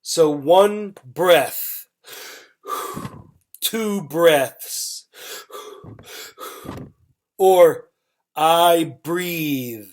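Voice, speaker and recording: A teacher giving an online English vocabulary lesson, speaking slowly and repeating each word and example sentence for learners. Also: female voice, low voice, a little mellow. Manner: slow, deliberate, repeats words and example sentences.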